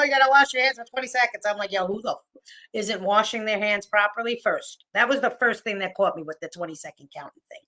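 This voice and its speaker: A woman hosting a casual live chat, blunt and sarcastic, swearing freely and getting loud when worked up. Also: fairly high pitch. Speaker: livestream host.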